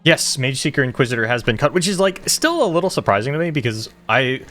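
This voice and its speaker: A man casting a live esports card game tournament, chatty and quick to laugh at himself. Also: medium pitch, very animated, a bit bright, faint music behind. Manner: chatty, laughs often, self-deprecating. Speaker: esports caster.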